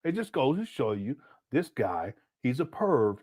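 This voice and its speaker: A man's voice: mid-range voice, very animated, unhurried, a little mellow. A man in his late forties hosting a casual reaction commentary, mocking and laughing as he talks. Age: 40s. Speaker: commentary host.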